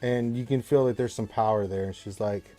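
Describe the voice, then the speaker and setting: A man narrates a tabletop game as game master, stopping and restarting as he paints each scene. His voice is dark and mellow, with faint music under it. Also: on the low side, fairly even intonation. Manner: rambling, halting descriptions with many fillers.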